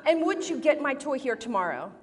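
An impatient little boy, played by a woman, rants in an indignant, raised voice. His pitch jumps high and falls back again. A long hall reverb trails every word. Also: big pitch swings, extremely slow, pushed and bright, recorded from a distance, full character voice. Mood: angry prayer. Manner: ranting, indignant. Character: impatient angry little boy waiting for toy.

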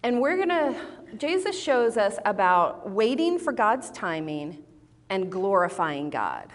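A woman teaches a women's group in a sermon style, telling stories with lively, expressive rises and falls in her voice. Her voice sits in a middle register. A long reverb from a large hall hangs behind her words. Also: medium pitch, a little slow. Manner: animated, expressive storytelling. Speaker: speaker at a women's Bible study.

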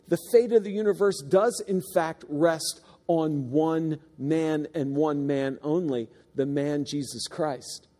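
A pastor preaches in a church sanctuary, earnest and emphatic, stressing key words and sometimes restarting his sentences. His voice is fairly high in pitch with a dark tone, and a long reverb tail follows it.

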